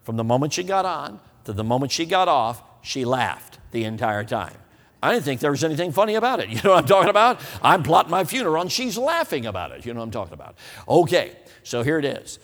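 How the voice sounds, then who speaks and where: A man's voice: fairly high pitch, fast talker. A man preaching a humorous, folksy sermon, telling stories and often asking the audience whether they know what he means. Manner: folksy, animated, asks the audience. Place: church hall. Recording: reverberant hall.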